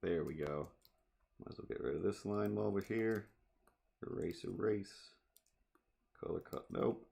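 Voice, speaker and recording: A man's voice: deep voice, unhurried, vocal fry, long pauses, warm tone. A man streaming live as he draws, rambling and muttering playfully to himself as he works. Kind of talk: casual live-stream chatter.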